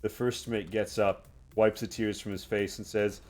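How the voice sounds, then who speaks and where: A man with a low voice runs a tabletop game, narrating battles and aftermath in halting bursts full of fillers. Faint music sits under his voice. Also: little pitch movement, darkish tone. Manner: halting storyteller, many fillers. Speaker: game master.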